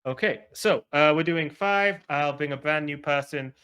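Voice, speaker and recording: A man's voice: on the high side, moderate pace, a bit bright, lo-fi sound. A man playing a duet tabletop game, talking with a lot of hesitant fillers and a playful tone. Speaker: player.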